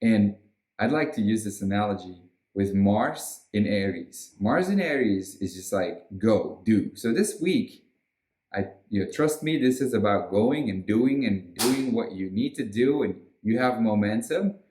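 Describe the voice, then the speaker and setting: A man's voice: on the low side, animated, measured pace, darkish tone. A man giving a casual weekly astrology forecast in an emphatic, rousing way with frequent swearing. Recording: roomy echo.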